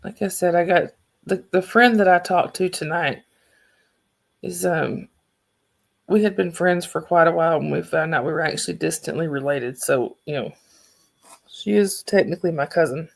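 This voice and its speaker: A Southern-accented woman hosts a livestream, chatting casually and rambling with her viewers. Her voice sits on the low side with a creaky texture, and she talks at a normal speed. She's chatty and often restarts her sentences.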